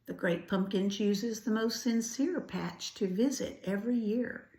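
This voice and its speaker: An older woman reading a children's storybook aloud, gentle and adding chatty asides. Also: mid-range voice, unhurried. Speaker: grandparent storyteller. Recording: roomy echo.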